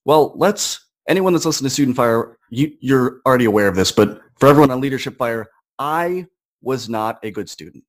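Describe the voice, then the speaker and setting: A man's voice: mid-range voice, animated, brisk. Earnest young man telling a story. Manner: earnest, conversational, acts out quoted voices. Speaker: podcast guest. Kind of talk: personal storytelling in conversation.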